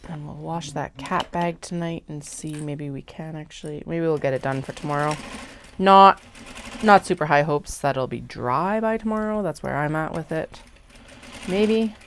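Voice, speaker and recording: A woman's voice: low voice, moderate pace, noisy background. A woman vlogging casually while sewing, chatty, muttering and half-whispering to herself as she works.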